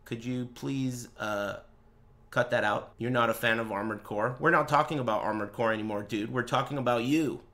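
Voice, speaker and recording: A young man live-streaming a game, chatting to viewers and swearing as he mock-rants and bursts into yelling at them. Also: medium pitch, moderate pace. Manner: profane, mock-ranting at chat, erupts into yelling. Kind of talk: live gaming stream commentary.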